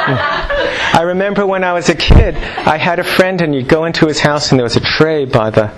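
A man giving a live lecture to practitioners, animated and jokey, firing rhetorical questions at the room. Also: a little high, normal speed, noisy background. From New York. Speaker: lecturer on Chinese medicine.

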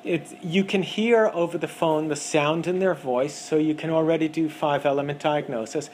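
A man gives an animated lecture to a class, his voice sitting slightly high. He breaks into quick impressions of callers to make his points. A faint hiss of room noise runs underneath. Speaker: acupuncture teacher. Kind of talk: lecture with acted examples.

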